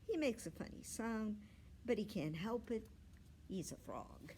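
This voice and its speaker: A woman librarian reading a children's book aloud in a clear storytelling manner. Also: medium pitch, sing-song, measured pace, darkish tone, a little hiss or hum.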